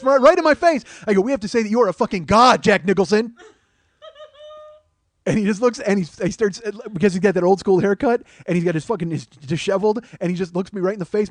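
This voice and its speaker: A middle-aged man, the host, telling a comic story in an animated, profane way, often getting loud and excited. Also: high voice, no echo. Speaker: podcast host.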